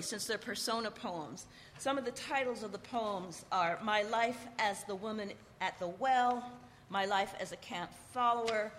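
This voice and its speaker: Brief: woman poetry teacher, frank and wry, everyday mid pitch, long hall reverb. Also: bright, forceful tone. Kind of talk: talk introducing a poetry reading. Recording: long reverb and faint noise.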